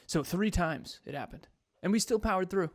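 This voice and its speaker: A man co-hosting a podcast and coaching, talking in an animated, emphatic way and laughing often. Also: sits high, moderate pace, dry recording, clean studio sound. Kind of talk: casual podcast chat.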